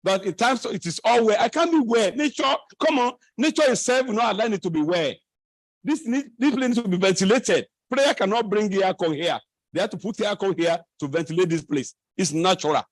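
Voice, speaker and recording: High-voiced Nigerian man lecturing with humor. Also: dry recording. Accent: Nigerian English. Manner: digressive, humorous, preachy asides and restarts. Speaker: conference speaker. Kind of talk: lecture at a conference. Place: conference hall.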